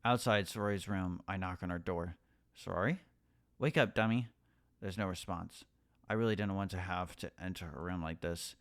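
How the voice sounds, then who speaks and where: A man playing a story game, reading its text aloud in a hushed voice and breaking off to swear and react. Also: steady tone, a little fast, no echo, clean studio sound. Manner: reads the story in a hushed, low voice, breaking into swearing and alarmed outbursts. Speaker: gaming YouTuber. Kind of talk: reading a visual novel aloud while playing.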